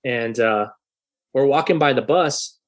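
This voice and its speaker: A thirty-year-old man telling a story in a casual podcast interview, animated and profane, loudly acting out the people he quotes. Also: medium pitch, a little slow. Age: 30s. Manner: animated, swearing, acts out quoted voices loudly. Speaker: guest musician.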